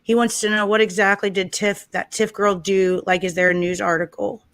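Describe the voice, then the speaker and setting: Brief: hesitant, apologetic stream host, bright voice. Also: medium pitch, level tone, normal speed, no room sound. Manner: hesitant, apologetic, restarts often. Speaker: livestream host. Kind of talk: casual chat.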